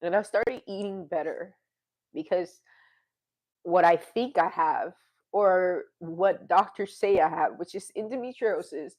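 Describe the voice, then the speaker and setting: A woman's voice: on the low side, a little slow, a little mellow. A woman vlogging to her viewers in a rambling, confessional way, sighing, laughing and swearing now and then. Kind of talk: candid casual monologue.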